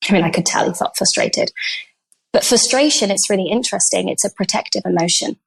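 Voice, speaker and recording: A woman guest on a podcast telling a personal story in an earnest, animated way, acting out the dialogue she recounts. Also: medium pitch, fairly quick, vocal fry, slightly rough. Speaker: guest coach on healing. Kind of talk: conversational storytelling.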